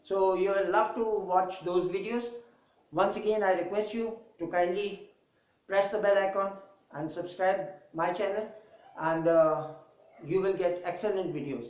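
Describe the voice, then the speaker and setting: A man teaching English pronunciation, speaking slowly and deliberately and spelling out letters and repeating words. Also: sits high, steady tone, a little mellow. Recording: echoey, distant, dull lo-fi room.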